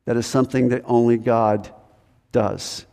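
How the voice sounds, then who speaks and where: A man preaching a sermon as pastor, earnest and full of rhetorical questions, his voice rising high when he plays a reluctant believer. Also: steady tone, measured pace, vocal fry, mellow. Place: church sanctuary. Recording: long hall reverb.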